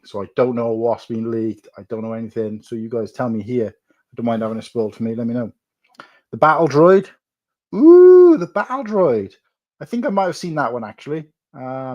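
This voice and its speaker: A man with a lowish, darkish voice hosts a casual live stream from home, building on the sofa. He chats and reads viewer messages aloud.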